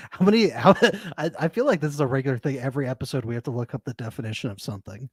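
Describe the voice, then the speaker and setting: A man's voice: medium pitch, quick pace, husky, no echo, clean studio sound. A man co-hosting a casual recap podcast, chatty and laughing a lot. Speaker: podcast co-host.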